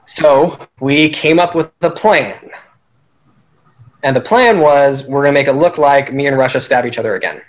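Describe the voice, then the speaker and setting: A man's voice: mid-range voice, moderate pace, muffled recording. A man casually recapping a strategy game he played, telling it animatedly and laughing at his own schemes.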